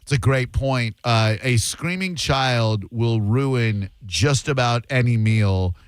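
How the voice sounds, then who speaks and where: A man's voice: medium pitch, takes it slowly, clear, resonant tone, dry recording. A man hosting a radio talk show, chatting casually with sarcastic asides. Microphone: studio microphone.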